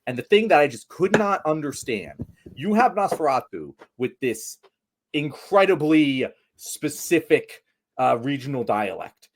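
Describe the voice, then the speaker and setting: A man's voice: on the high side, big pitch swings, unhurried, a little hiss or hum. A man co-hosting a casual chat, ranting emphatically about a movie and swearing. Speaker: podcast co-host.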